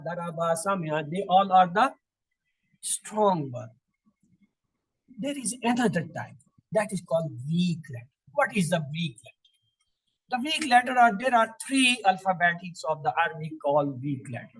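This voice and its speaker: Husky-voiced man teaching by repetition. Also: high voice, low-quality recording. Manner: drills terms, asks questions and answers them himself; slow, repetitive recitation of word patterns. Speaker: Quranic Arabic teacher. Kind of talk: classroom lesson.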